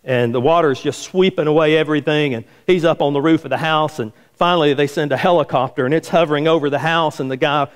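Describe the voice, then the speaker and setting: Man, pastor preaching in a church, storytelling, slightly high voice. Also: fast talker, few pauses, smooth. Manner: storytelling, acts out the quoted voices in a higher pitch. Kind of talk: sermon. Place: church sanctuary.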